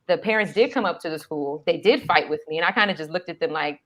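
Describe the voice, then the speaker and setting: A woman's voice: sits low, quick pace, fairly bright tone, slight background noise. A middle-aged mother in casual chat, telling a story in a blunt, emphatic way. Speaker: mother and co-host.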